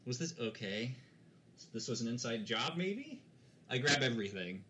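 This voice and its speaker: A man's voice: mid-range voice, sing-song, moderate pace, pushed and bright, dull audio, a little hiss or hum. A man playing a tabletop role-playing game, chatting playfully with the table. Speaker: player. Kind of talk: casual tabletop game play.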